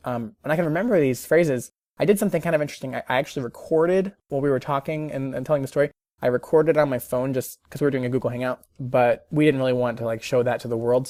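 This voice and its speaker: A chatty learner walks through new Mandarin phrases, thinking aloud and correcting themself mid-sentence. The voice sits at a middling pitch. The sound is dry and close, with no room around it. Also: darkish tone, no echo. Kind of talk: casual video diary of language practice.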